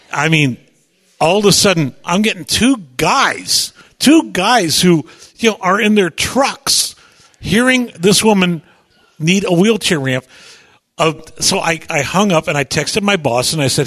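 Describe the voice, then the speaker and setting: A man hosting a radio show, chatty and animated as he tells stories, often stumbling over repeated words and slipping into voices. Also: fairly high pitch. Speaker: radio host. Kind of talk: animated on-air storytelling. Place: radio studio.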